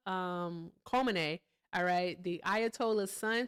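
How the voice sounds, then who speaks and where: A woman's voice: medium pitch, a little slow, clean tone. A woman hosting a casual political commentary livestream, talking bluntly with profanity and breaking off to chat with her viewers. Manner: blunt, profane, chats with viewers between points. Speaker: livestream host.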